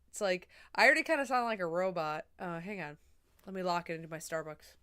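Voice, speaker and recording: A young woman chatting casually on a livestream, rambling and swearing, a little drunk and high. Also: expressive, fast, bright, forceful tone, smooth.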